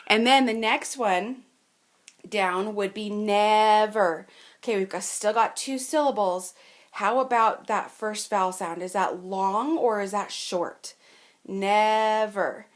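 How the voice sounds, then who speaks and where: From home, a woman teaches a reading lesson remotely to fourth graders, explaining patiently in a sing-song manner and drawing out sounds. Her voice is medium-pitched and slow.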